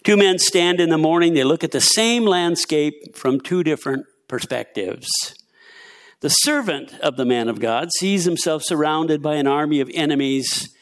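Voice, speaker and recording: A man's voice: on the high side, moderate pace. A man preaching as a pastor, speaking casually with fillers and asides between scripture readings. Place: church.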